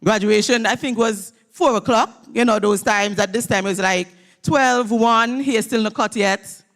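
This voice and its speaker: Speaking at a normal pace in a fairly high voice, a woman delivers an emphatic, motivational graduation address at a church hall ceremony, leading the audience in call-and-response.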